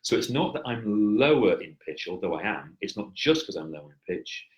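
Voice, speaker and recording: A man with a fairly low voice, talking over a headset on a video call. He coaches with calm explanations and slips in dry, wry jokes. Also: fairly quick, muffled recording. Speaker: presentation coach. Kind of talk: coaching feedback chat.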